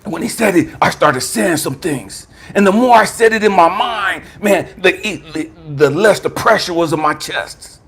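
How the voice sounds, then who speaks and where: A man, a spiritual coach, telling an impassioned testimony, swinging from hushed tones to shouting. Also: sits high, animated, moderate pace, few pauses, husky.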